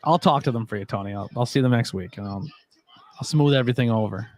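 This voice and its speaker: Fast-talking sarcastic man. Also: mid-range voice, a little mellow. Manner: sarcastic, teasing. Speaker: podcast co-host. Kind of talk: casual chat.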